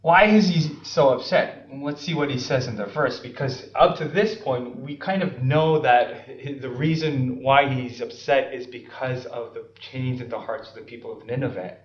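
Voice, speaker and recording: A man lecturing on scripture from some distance, his voice landing in a roomy, echoing space. He moves along at an easy pace, dropping ums and uhs and checking in with "right?" and "okay?" The sound is a little dull and lo-fi. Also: mid-range voice. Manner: unhurried, with filler ums and uhs. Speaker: seminary lecturer. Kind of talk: Bible study lecture.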